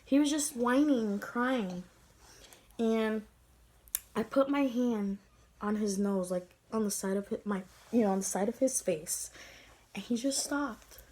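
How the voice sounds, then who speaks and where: A woman's voice: fairly high pitch, unhurried, a little mellow. A young woman vlogger telling an emotional story, tender and rambling, teary-eyed as she talks.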